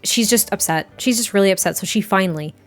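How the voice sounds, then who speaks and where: A woman's voice: mid-range voice, fast talker. Chatty young woman narrating her game. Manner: chatty, filler-heavy, doting. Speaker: gameplay narrator. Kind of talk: casual game story narration.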